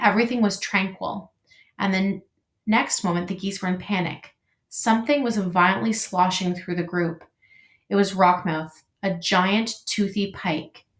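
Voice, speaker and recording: Woman reading a children's book aloud. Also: medium pitch. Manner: expressive, measured storytelling. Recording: echoey room.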